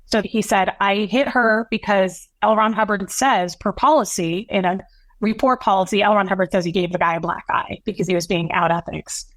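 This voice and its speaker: A woman's voice: medium pitch, steady tone, no echo. Dry-voiced woman telling a painful story. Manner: emotional, long-winded, halting recounting. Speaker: guest. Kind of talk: personal storytelling in an interview.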